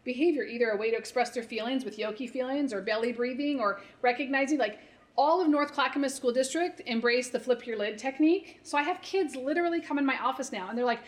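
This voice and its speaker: A woman's voice: high-pitched, fast talker. A woman therapist leading a parent workshop, coaching in a conversational way and often checking in with "right?". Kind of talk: live workshop talk.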